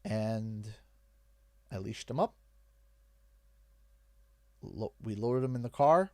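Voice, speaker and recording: Young canadian guy on stream, choked up and halting, dry close mic. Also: lowish voice, animated, a little mellow, no echo. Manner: halting, emotional, pausing often. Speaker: livestream host. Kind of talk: emotional storytelling on a game stream.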